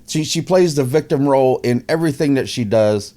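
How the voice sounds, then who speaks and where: A man's voice: mid-range voice, a little fast, few pauses, dark tone. A man casually mocking a news story as a podcast host, laughing often and repeating himself. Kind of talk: casual opinion commentary.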